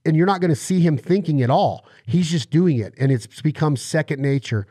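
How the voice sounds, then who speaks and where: Energetic man hosting a podcast, dry sound. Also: fairly high pitch, a little fast, slightly rough, no room sound. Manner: energetic, explains with analogies and acted-out quotes. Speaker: podcast host. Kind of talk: explanatory podcast interview.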